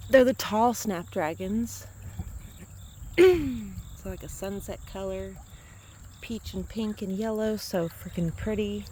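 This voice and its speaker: A woman's voice: medium pitch, slow, long pauses, dark tone, a little hiss or hum. A woman chatting casually as she walks a camera around her outdoor garden, rambling and correcting herself as she goes. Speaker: vlogger touring her garden. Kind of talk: casual garden tour chat.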